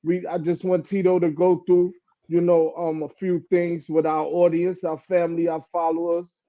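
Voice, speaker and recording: A man's voice: a little high, little pitch movement, normal speed, dark tone, lo-fi sound. A man co-hosting a podcast, speaking casually and hesitantly with many fillers. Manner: hesitant, full of "you know, um". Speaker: podcast co-host. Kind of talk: casual chat.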